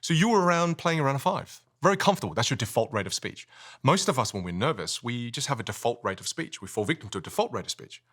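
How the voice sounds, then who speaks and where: Fast, melodic man coaching. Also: very animated, a bit bright. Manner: melodic, swoops between high and low. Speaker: communication coach. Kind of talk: animated vocal coaching. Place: podcast studio.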